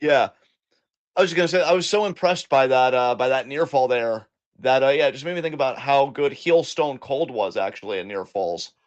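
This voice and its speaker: A man co-hosting a live wrestling reaction show, talking in a loose, animated, profane way and rambling through his thoughts. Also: medium pitch, fairly quick, dull audio. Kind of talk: casual live commentary chat.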